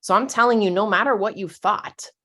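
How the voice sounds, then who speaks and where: A woman therapist giving a webinar talk, gentle and candid, coaching listeners through self-compassion exercises in casual words. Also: mid-range voice, fairly quick.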